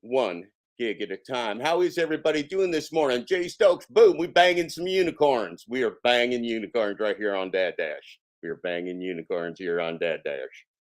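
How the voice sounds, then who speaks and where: A man's voice: medium pitch, lively intonation, moderate pace, few pauses. Sarcastic man hosting a live stream. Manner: sarcastic, mocking, swearing, boastful. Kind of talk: casual live-stream monologue.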